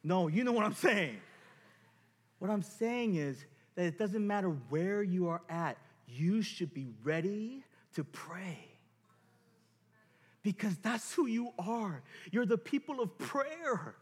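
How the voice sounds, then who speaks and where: A male pastor delivers a sermon in a high, highly expressive voice, swinging up and down as he acts out scenes. He pokes fun at himself while telling the story. The sound carries a long reverb, like a large church hall. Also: slow, breathy edge. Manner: animated, self-mocking, acts out scenes.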